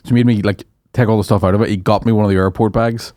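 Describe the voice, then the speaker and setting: Brief: man, comic guest, rambling sweary storyteller, lowish voice, dry sound. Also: fairly even intonation, very fast, hardly any pauses, mellow, dry recording. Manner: laughing, sweary, rambling anecdotes. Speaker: comedian guest. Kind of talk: casual chat, storytelling.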